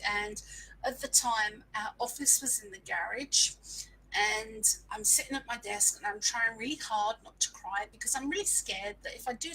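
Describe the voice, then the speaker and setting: A woman's voice: fairly high pitch, bright, forceful tone, slight background noise, poor audio. A woman, telling a frank, self-mocking story in a casual live stream and sprinkling in mild swearing. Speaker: small business owner sharing marketing lessons.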